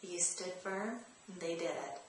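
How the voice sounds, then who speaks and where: A woman's voice: on the low side, fairly even intonation, measured pace, a little hiss or hum. Woman in a very echoey room. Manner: direct, coaching, repeats key phrases. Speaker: parenting advice host. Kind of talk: parenting tips vlog. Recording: very echoey room, faint ambience.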